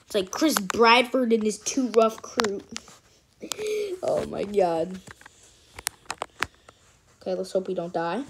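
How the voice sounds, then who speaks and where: A woman giving casual, excitable let's-play commentary as host of a gaming channel, chatty and cheering at her wins. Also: mid-range voice, a little hiss or hum.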